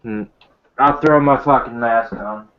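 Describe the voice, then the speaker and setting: A man on a group video call, crude and deadpan, swearing freely. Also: medium pitch, a little slow, lo-fi sound. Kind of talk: casual group video chat.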